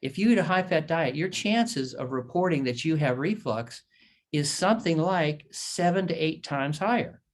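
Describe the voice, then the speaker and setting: A man who is a surgeon, explaining diet to patients in an educational talk over a shared screen, repeating his points emphatically and telling folksy stories. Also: fairly high pitch.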